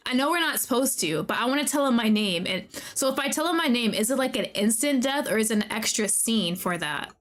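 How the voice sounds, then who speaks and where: Excitable woman streamer, slightly high voice, gushes over a game and talks to its characters. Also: a little fast, few pauses. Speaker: VTuber streamer. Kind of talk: let's-play commentary.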